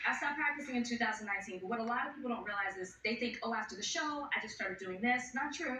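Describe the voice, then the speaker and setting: A woman in her thirties, a guest on a talk show, who tells animated stories and acts out the quotes. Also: on the high side, quick pace, roomy sound, recorded from a distance, background noise. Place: TV studio.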